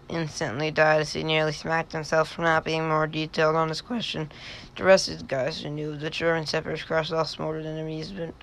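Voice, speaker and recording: Gravelly man reading fan fiction sardonically. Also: fairly high pitch, fairly bright tone, slight background noise. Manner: sardonic asides, stumbles over words. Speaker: reader.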